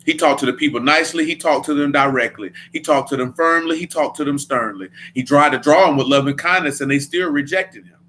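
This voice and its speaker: A man's voice: fairly high pitch, brisk, few pauses, sharp tone, slight background noise. A man leading a Bible study in a casual preaching style, blunt and emphatic, with a lot of slang.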